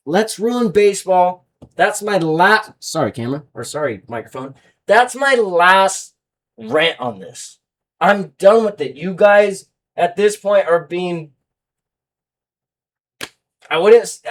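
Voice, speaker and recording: A man's voice: sits high, lively intonation, far from the mic. Casting: young male betting-show host, heated rant, sits back from the mic. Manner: heated, fast-swinging rant, loud then muttering. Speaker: sports betting podcast host. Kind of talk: ranting sports betting podcast.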